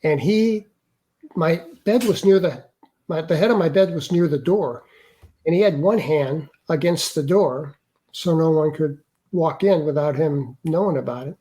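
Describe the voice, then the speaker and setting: An older man, an interview guest, earnestly recounting a personal experience in a halting way with many restarts. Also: a little high, mellow. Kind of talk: personal storytelling.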